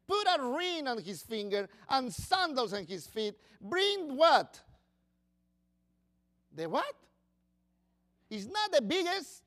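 A man preaching a sermon, swinging between loud bursts and quiet asides. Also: very high-pitched, big pitch swings, slow, pauses often. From Latin America.

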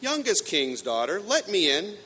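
A man's voice: expressive, moderate pace, a bit bright, natural voice. Man doing a coaxing old-fashioned frog. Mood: pleading. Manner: archaic, coaxing speech. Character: old-fashioned talking male frog, bargaining. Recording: echoey hall, faint rumble.

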